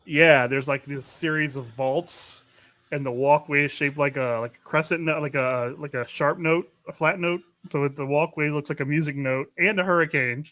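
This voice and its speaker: A man's voice: fairly high pitch, steady tone, moderate pace, fairly bright tone, no room sound. A man from Louisiana hosting a podcast, rambling through stories and laughing often in casual chat. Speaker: podcast host.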